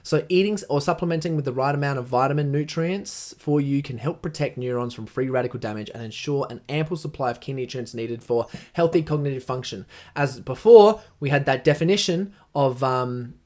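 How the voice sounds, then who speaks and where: A man's voice: medium pitch, brisk, hardly any pauses, darkish tone. A young Australian man hosting a casual solo podcast, enthusiastic and rambling, swearing freely between asides. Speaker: podcast host.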